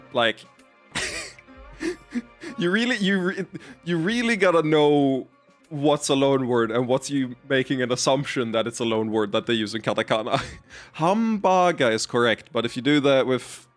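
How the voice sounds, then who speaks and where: A man streaming a game, rambling casually, giggly, with frequent restarts. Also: mid-range voice. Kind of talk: casual live-stream commentary.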